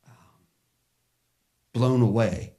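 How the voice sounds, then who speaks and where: A man in his sixties hosting a podcast, talking in a heartfelt, halting casual chat. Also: medium pitch, dark tone. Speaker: podcast host.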